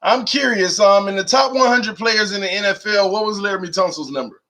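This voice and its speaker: Casual live-stream host, a man, slightly high and bright, animated and chatty. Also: fairly quick. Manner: animated, laughs often, reads viewer comments aloud.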